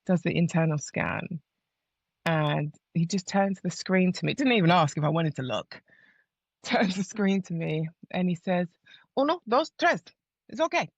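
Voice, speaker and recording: A woman guest on a podcast, telling a personal story in a casual, animated way and acting out what others said. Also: on the low side, unhurried, creaky, no room sound, lo-fi sound.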